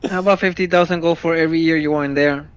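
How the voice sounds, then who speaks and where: Blunt teen girl voiced by a man player, deadpan and cheeky, slightly raised pitch. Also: rapid-fire, clean tone, dry recording, lightly acted. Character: cheeky mercenary fourteen-year-old girl.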